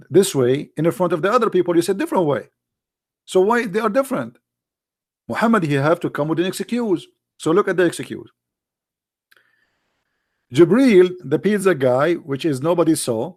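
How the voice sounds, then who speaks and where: A man giving sarcastic polemical commentary, firing rhetorical questions in English. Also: high-pitched. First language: Arabic. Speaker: religious critic.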